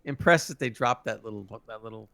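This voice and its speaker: A man's voice: on the low side, a little fast, vocal fry, bright, forceful tone, dry recording. A man co-hosting a podcast review, laid-back and easily amused in casual chat. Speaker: podcast co-host.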